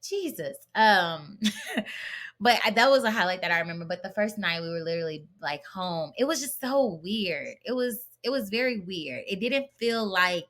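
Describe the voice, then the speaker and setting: Podcast guest, woman, bright and clear tone, chatty storyteller who restarts sentences often. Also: medium pitch, moderate pace. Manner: chatty and animated, with many fillers and restarts. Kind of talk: casual conversational storytelling.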